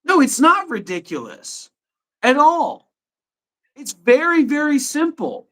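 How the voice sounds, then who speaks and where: A man's voice: very high-pitched, big pitch swings, takes it slowly, sharp tone. A man in his thirties hosting a live stream from his apartment, ranting and swearing indignantly in a heated argument.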